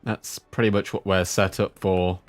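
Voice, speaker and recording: Male streamer, unhurried gameplay commentary, low-ish voice, chatty with viewers. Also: faint music behind. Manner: chatty, talks to stream chat between sudden excited outbursts. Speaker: game streamer.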